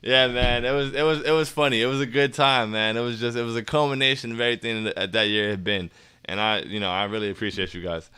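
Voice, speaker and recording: A young man hosting a casual fan livestream, reading chat comments aloud in slangy, hyped talk that sometimes turns soft and earnest. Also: medium pitch, fairly even intonation, fast talker, clean tone.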